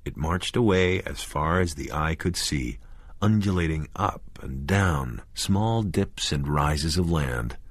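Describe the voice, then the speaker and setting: A man narrating a horror audiobook in a measured, deliberate way. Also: extremely low pitch, lively intonation, dry recording.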